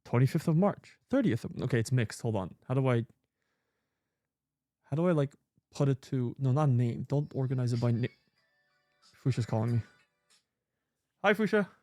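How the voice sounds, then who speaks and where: A man's voice: medium pitch, lively intonation, normal speed, pauses often, a little mellow, dry recording, soft background music. A man hosting a live stream, talking casually and in a scattered, muttering way while sorting files, swearing freely now and then. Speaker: streamer host.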